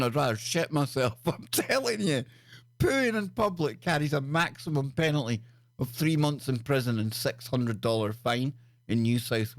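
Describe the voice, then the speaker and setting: A man's voice: medium pitch, no echo, clean studio sound. Crude, joking male stream host. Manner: crude, joking, rambling, with stammered restarts. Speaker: show host. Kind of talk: casual live-stream news commentary.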